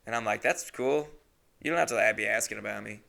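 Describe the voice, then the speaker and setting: Fairly quick and forceful, a young podcast host tells a comedic story solo with a bright, creaky voice. He's indignant and swears, and when quoting people he jumps into high, overdone voices.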